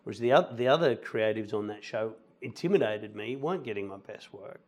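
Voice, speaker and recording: A middle-aged man, a musical theatre actor chatting as a guest and telling animated anecdotes. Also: lowish voice, a little fast. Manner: animated anecdotes, quotes people in lively voices. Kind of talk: relaxed storytelling conversation.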